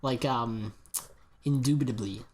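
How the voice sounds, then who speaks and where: A man's voice: medium pitch, a little slow, very noisy. A young man co-hosting a podcast, joking around, laughing often and swearing freely. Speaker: podcast co-host. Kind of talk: casual chat.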